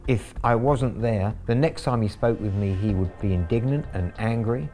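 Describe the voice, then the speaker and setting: A man's voice: on the low side, moderate pace, warm tone, faint music behind. A man telling his story as a scambaiter in a documentary, wry and gleeful in his anecdotal telling.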